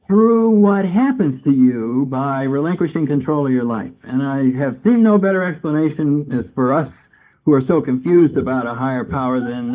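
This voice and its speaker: Man telling his recovery story, tinny tape. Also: fairly high pitch. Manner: conversational storytelling, acts out his own past dialogue. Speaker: AA speaker. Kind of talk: recovery talk to a meeting. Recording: tinny, phone-like old tape recording.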